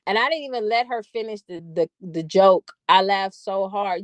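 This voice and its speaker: A woman's voice: medium pitch, normal speed, no room sound. A woman hosting her own vlog, telling loose, profane stories in a casual, chatty way with laughing asides. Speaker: vlog host. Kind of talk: casual storytelling monologue.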